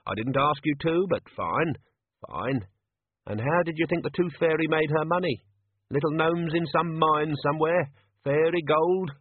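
Man doing Tea Time, a smooth menacing villain. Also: fairly high pitch, moderate pace, no echo, voice pushed up. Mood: pleasant. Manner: pleasant, quietly menacing. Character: cool, menacing male gang leader. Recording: tinny phone-like dry audio.

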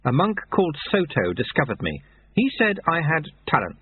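A man's voice: fairly high pitch, huge pitch swings, normal speed, husky, voice pushed up, heavily acted. A man voicing an earnest young novice monk who asks eager, flustered questions, heard through tinny phone-like audio.

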